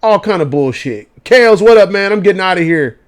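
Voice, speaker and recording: A man's voice: sits high, brisk. Profane ranting man. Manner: profane, animated ranting in slang. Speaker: gaming vlogger. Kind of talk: late-night rant.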